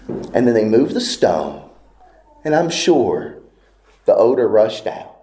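A man preaching a sermon, telling a story slowly and dramatically, with long pauses and hushed, almost whispered moments. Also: on the low side, sing-song. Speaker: pastor.

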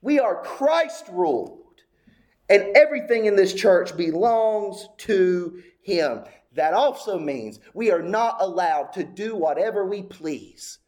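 A man's voice: high voice, a little mellow. A male pastor delivering a sermon with emphatic, repetitive phrasing and occasional casual asides. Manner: emphatic preaching with repeated phrases.

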